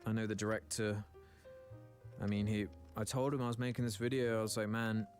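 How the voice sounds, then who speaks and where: A man's voice: fairly low pitch, little pitch movement, brisk, a little mellow, soft background music. A man with an English accent telling a casual story about his voice-acting work. He mocks himself, laughs often and stumbles through restarts. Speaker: YouTuber and voice actor.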